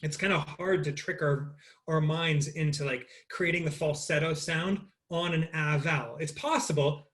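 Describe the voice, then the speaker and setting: A man's voice: fairly high pitch, moderate pace, few pauses, fairly bright tone. A man leading an interactive online voice lesson, talking casually with many fillers and demonstrating vocal sounds over a computer mic. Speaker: voice teacher.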